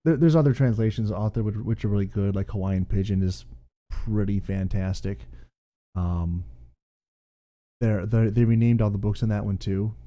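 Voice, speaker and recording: A man's voice: fairly low pitch, steady tone, moderate pace, dark tone. A man hosting a casual podcast, rambling and amused as he talks. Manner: rambling, amused, reads excerpts aloud. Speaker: podcast host.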